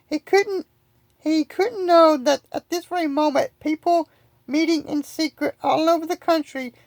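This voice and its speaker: A woman's voice: sits high, unhurried, a little mellow, no echo, low-quality recording. A woman reading a storybook aloud as an amateur audiobook, often slipping and restarting words. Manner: reads with frequent slips and restarts. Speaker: reader.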